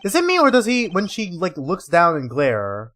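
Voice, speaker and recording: A man's voice: sits high, huge pitch swings, moderate pace, a bit bright. A man casually commenting during live gameplay, loose and rambling. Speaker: gaming streamer.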